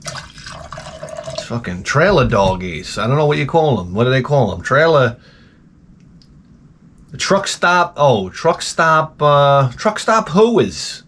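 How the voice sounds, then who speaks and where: A man's voice: mid-range voice, sing-song, slow pace, long pauses, fairly bright tone, a little hiss or hum. A man hosting a casual talk show, rambling and ranting crudely, often slipping into mocking voices. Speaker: podcast host. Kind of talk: rambling profane casual chat.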